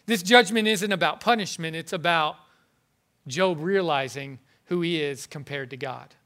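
A man preaching a sermon in an earnest, halting way, often repeating words as he goes. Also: a little high, sharp tone. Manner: earnest, halting, with frequent word repetitions.

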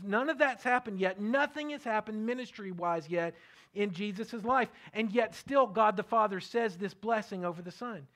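A middle-aged man preaching a sermon, earnest and repetitive, often dropping his voice to a soft hush. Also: high voice. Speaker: pastor.

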